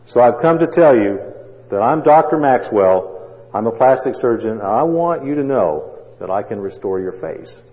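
A man voicing a male surgeon who calls loudly through a door, pleading. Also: medium pitch, lively intonation, moderate pace, lightly acted. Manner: loud, pleading. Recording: dull sound, long hall echo.

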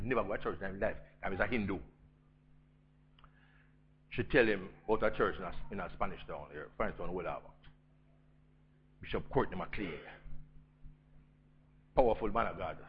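A man with a Jamaican accent preaching a storytelling sermon, swinging between loud emphasis and hushed intensity. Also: low-pitched, slightly rough, highs cut off.

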